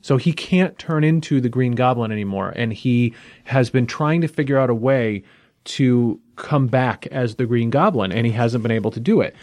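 A man's voice: medium pitch, moderate pace, darkish tone, dry recording. Chatty man recapping a comic, dry sound. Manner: rambling, with many fillers and restarts. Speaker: comic book podcast host. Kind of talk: casual chat recapping a comic.

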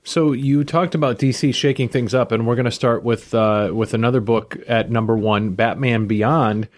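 A man's voice: mid-range voice, fairly even intonation, moderate pace. A man co-hosting a comic book podcast, introducing the next book by listing its creators before summarizing it. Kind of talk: casual comic review chat.

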